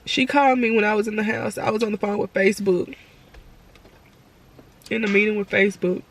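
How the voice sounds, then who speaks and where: A woman's voice: medium pitch, fairly even intonation, brisk, a little hiss or hum. Tearful woman rambling through a vlog. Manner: rambling, repeats herself, stumbling restarts. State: tearful, crying. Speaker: vlogger. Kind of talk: emotional personal vlog. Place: at home.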